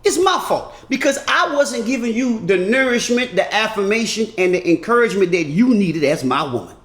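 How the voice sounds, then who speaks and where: A man doing an animated comedic monologue that turns earnest and preachy. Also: sits high, normal speed, echoey room. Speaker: comedian vlogger.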